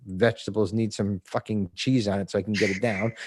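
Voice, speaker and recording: A man's voice: fairly low pitch, gravelly, breathy edge. A man in his fifties from New Jersey, a podcast guest talking about recovery in a blunt, profane way and laughing often. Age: 50s. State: emotional. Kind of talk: casual recovery interview.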